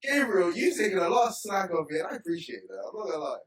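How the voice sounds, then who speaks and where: A man with a higher voice jokes and pushes back on his friends in a casual podcast chat. He sits away from the mic. The room is echoey. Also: very animated, quick pace. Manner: playful, ribbing the others. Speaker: podcast co-host. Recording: roomy, mic at a distance.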